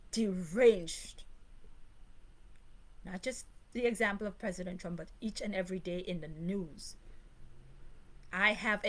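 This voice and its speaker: A woman speaks in a mid-pitched voice, ranting straight to her viewers. She leans hard on her points, repeats phrases and breaks into short laughs. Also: a bit bright, rough recording. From Grenada. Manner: emphatic, repetitive, with short laughs. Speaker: channel host. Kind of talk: ranting live monologue.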